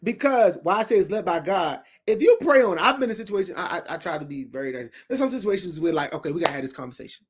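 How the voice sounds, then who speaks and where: A man's voice: high-pitched, lively intonation, fast talker, hardly any pauses, slight background noise. Emphatic preachy man. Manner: preachy and emphatic, acts out quoted voices. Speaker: talk show guest. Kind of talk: preachy casual talk.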